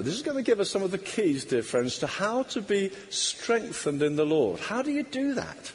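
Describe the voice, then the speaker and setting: A man's voice: on the high side, very animated, normal speed, a little mellow, slight background noise. A man preaching a sermon emphatically, acting out quoted voices. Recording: long hall reverb.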